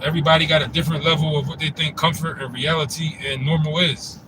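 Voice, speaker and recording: A man's voice: a little high, steady tone, quick pace, background noise. A man in a casual commentary monologue, laid-back and rambling, with the loose phrasing of a host talking to his channel. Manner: laid-back, rambling, frequent "you know what I'm saying".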